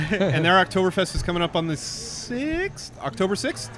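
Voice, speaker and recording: A man's voice: high voice, very animated, moderate pace, a bit bright. A man hosting a casual tabletop show in a brewery beer garden, upbeat, plugging events and explaining the rules. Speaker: show host and game runner. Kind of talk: casual chat.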